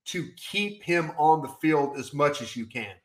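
A man co-hosting a casual sports podcast, talking in a folksy, animated way with plenty of "I tell you what.". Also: on the high side, unhurried, roomy sound. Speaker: podcast co-host.

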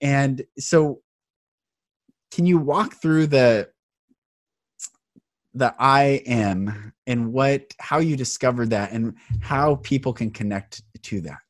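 A man's voice: medium pitch, slow pace, long pauses, no echo, studio quality. A man hosting a podcast interview, talking in an earnest, enthusiastic way with some hesitations. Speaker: podcast host. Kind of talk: conversational interview.

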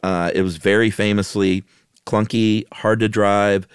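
A man's voice: on the low side, a little slow, smooth, dry recording, studio quality. A man co-hosting a podcast, chatting casually and laying out facts with uh fillers. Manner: relaxed, laughs often, lists facts with uh fillers. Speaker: podcast co-host. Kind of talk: casual chat.

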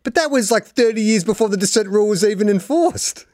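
A man's voice: high voice, lively intonation, quick pace, darkish tone, no echo, studio quality. An Australian man in his forties hosting a casual sports podcast, telling stories animatedly and laughing often. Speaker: podcast host.

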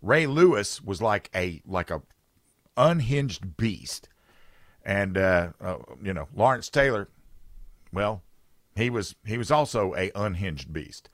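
A man's voice: fairly low pitch, animated, slow pace, fairly bright tone, dry recording, clean studio sound. Sarcastic, rambling man on talk radio. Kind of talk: opinionated talk radio chat. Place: radio studio.

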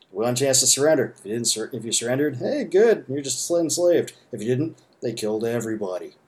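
A man giving casual, rambling commentary full of fillers and asides. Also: lowish voice. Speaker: podcast host commenting.

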